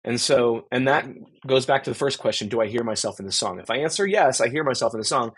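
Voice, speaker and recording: Husky man musing in long rambling answers. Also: medium pitch, lively intonation, fast. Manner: rambling and reflective, many fillers and restarts. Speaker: guest musician. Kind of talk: conversational interview answer.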